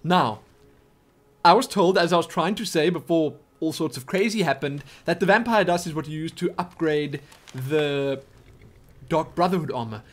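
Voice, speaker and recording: A man giving excitable, chatty commentary over his game, often exclaiming and joking. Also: on the high side, normal speed. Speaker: let's play gamer. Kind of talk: live gameplay commentary.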